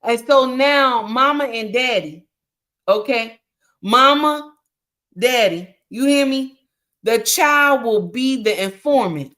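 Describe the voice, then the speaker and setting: A woman hosting a casual livestream on relationships, speaking in an animated, preachy way, often calling listeners honey and answering chat comments. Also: on the high side. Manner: reacts to chat comments while talking. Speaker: livestream relationship advice host.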